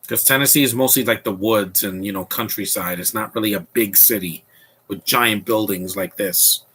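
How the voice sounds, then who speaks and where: A podcast commentary host with a low, husky voice and a bright, forceful edge talks casually over a movie at normal speed. He rambles, restarts often, and airs blunt opinions as the film plays.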